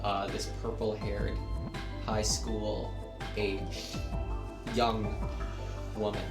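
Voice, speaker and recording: Excitable, profane male streamer; roomy sound with game music. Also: fairly low pitch, very slow. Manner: excitable, swears freely, rambles. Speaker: streamer and co-host. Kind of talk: casual let's-play banter.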